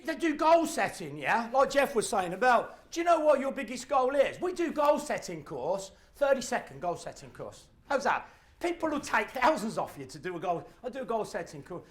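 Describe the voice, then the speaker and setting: Animated man, lively pitch. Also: normal speed. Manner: animated storytelling with acted-out voices and shouts. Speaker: motivational speaker. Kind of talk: live motivational talk to an audience.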